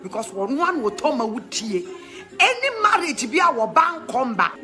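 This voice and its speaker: A middle-aged woman with a Ghanaian accent giving emphatic, preachy advice in animated talk, laughing often. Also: high-pitched, moderate pace, over music.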